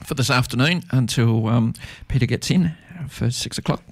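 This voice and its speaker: A man presenting community radio in relaxed on-air chat, laughing often and rambling with fillers. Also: mid-range voice, moderate pace, no echo.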